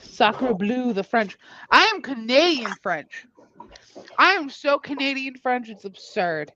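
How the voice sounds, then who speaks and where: A woman's voice: sits high, sing-song, a little slow, pushed and bright, slight background noise. Boisterous tipsy young woman from Maine. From Maine, USA. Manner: boisterous, swearing, laughing often. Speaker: guest co-streamer. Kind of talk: casual live-stream chat. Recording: dull lo-fi stream audio.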